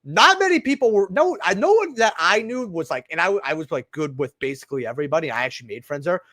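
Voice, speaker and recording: Young male host, high and highly animated, rambling casual storyteller, dry close recording. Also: fast talker, dry recording. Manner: rambling, animated, lots of "right?" and asides. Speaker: channel host opening trading cards. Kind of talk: casual storytelling while opening packs.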